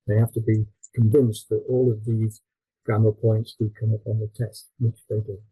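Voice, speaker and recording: A man presenting his textbook at a conference, explaining with fillers and quick self-corrections. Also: on the low side, flat delivery, warm tone, breathy edge, dry recording, low-quality recording.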